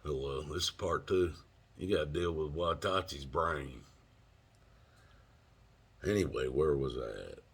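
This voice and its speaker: Low husky-voiced Southern man rambling. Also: measured pace, pauses often. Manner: rambling, laughs mid-sentence, swears freely. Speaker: storyteller host. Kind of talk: casual storytelling monologue.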